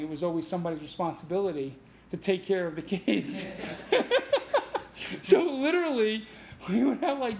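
A man's voice: high voice, slight background noise. Laughing New man telling stories. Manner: animated, laughs often, swears casually. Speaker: martial arts instructor, podcast guest. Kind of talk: casual storytelling.

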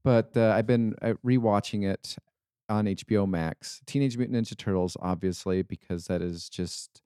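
A man from Utah co-hosting a casual podcast chat, telling animated anecdotes. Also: fairly low pitch, moderate pace, smooth, no room sound, clean studio sound. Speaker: podcast co-host.

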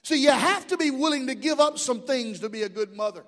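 A man's voice: extremely high pitch, animated, a little fast, fairly bright tone. A middle-aged man pastor preaching a sermon in a church, impassioned, with call-and-response asides. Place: church sanctuary. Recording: long hall reverb.

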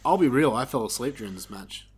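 Male podcast co-host, animated and sarcastic, swinging pitch, casual banter. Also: quick pace, slightly rough. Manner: animated, sarcastic, swears, laughs often. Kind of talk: casual wrestling review chat.

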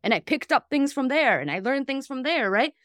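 Faint music plays behind a woman's high voice in this dry, studio-quality clip. She's in her thirties, a gut health practitioner hosting a relaxed podcast conversation, and she talks fast and animatedly with plenty of fillers and tangents.

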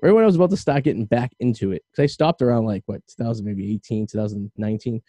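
A man's voice: lowish voice, quick pace, dark tone, no echo. A man with a Boston accent hosting a podcast, chatting in a loose, rambling, jokey way. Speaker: podcast host. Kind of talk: casual podcast chat.

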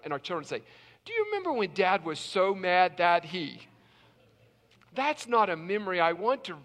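A middle-aged pastor preaching with a high, bright, ringing voice that carries through a large hall with long reverb. He tells stories with emphatic repetition, building each point. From South Carolina. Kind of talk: sermon.

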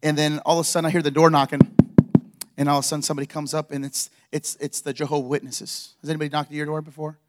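A man's voice: on the high side, level tone, very fast, heavy background noise. A man preaching a sermon in a church as pastor, telling stories with energy and acting out the dialogue.

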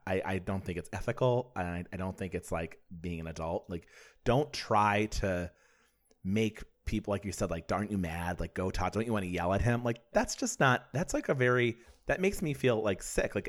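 A man's voice: fairly low pitch, lively intonation, moderate pace. A man hosting a casual conversation, speaking in a reflective way with hesitant restarts. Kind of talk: casual chat.

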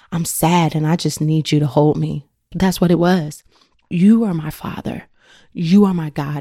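Earnest low-voiced woman podcaster. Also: mellow, no echo, studio quality. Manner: earnest, conversational, frequent "you know". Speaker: podcast host. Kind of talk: devotional podcast talk.

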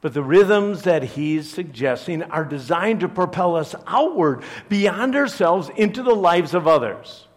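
A man's voice: on the high side, lively intonation, measured pace, few pauses. A man from Chicago, a pastor, preaching a conversational sermon to his church with joking asides. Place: church service.

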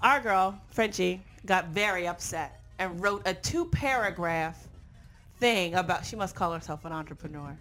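A woman comedian telling a story in casual chat, sassy and animated, often mimicking other people. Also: on the low side, moderate pace, faint music behind. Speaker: comedian and podcast host.

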